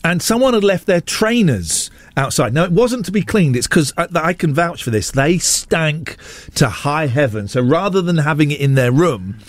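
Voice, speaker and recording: Man, radio host, high-pitched, lively swings in pitch, dry studio sound, ranting and joking. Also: moderate pace, no room sound. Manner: animated, ranting, self-mocking. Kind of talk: casual radio chat.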